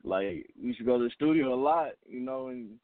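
A man's voice: mid-range voice, expressive, fairly quick, dry recording. A man calls in to a radio show and answers questions as a hip hop artist. He is laid-back and polite, with plenty of fillers, and his voice sits in the middle range. The line is dry and thin, like a phone call. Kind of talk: phone-in interview.

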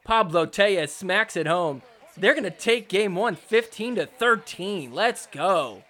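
Man, podcast host, high bright voice, excitable, jokey sports recap. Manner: excitable, jokey, mock-quotes players. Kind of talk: casual commentary over match footage.

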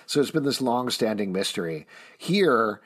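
A man's voice: medium pitch, moderate pace, husky. A man hosting a comics podcast in casual chat, wry and leading the talk. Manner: wry, animated, leads the talk. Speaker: podcast host.

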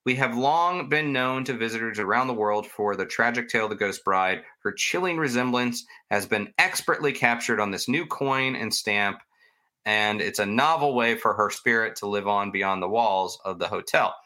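A man's voice: fairly low pitch, normal speed, bright, forceful tone. A man hosting a podcast, casually telling ghost stories in a chatty, rambling way and poking fun at himself. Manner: chatty, rambling, self-mocking. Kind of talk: casual storytelling chat.

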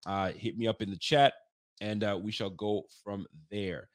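Animated, foul-mouthed sports talk man. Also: moderate pace. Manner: animated, profane trash talk; pitch swings up when fired up. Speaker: sports talk show host. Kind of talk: casual sports talk livestream.

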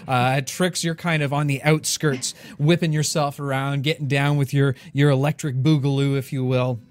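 A man narrating as game master in a tabletop game, relaxed and halting, full of ums and restarts. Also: medium pitch. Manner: relaxed, halting with many fillers.

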